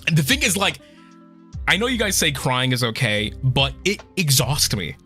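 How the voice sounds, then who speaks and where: A man's voice: fairly high pitch, very animated, normal speed, pushed and bright, soft background music. A man streaming a casual chat with his viewers, emotional and swearing often, choked up and holding back tears. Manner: emotional, swears a lot, trails off and restarts. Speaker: VTuber streamer.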